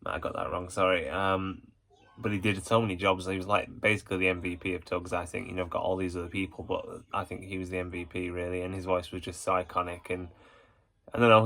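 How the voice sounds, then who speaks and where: A man with a low, bright-edged voice hosts a casual ranking vlog. He rambles warmly as an enthusiastic fan, circling back with hesitations and filler. His delivery stays fairly level in pitch, with little rise and fall. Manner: rambling, full of hesitations and "you know". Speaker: YouTube channel host.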